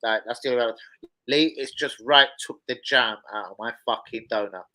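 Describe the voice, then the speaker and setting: A young man hosting a live football watch-along, swearing heavily and bursting into shouts of frustration. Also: mid-range voice, brisk. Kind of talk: casual live football reaction.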